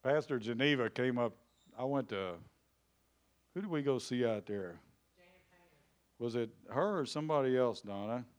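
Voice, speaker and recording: A man pastor preaching a lively sermon in church, calling out to people in the congregation by name and rising to loud shouts. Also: mid-range voice, normal speed, pauses often.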